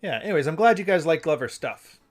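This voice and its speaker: A man's voice: fairly high pitch, lively intonation, fast, faint music behind. A man hosting a live stream, talking casually and rambling as he reads passages aloud and corrects himself mid-sentence. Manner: rambling, conversational, self-correcting. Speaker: host.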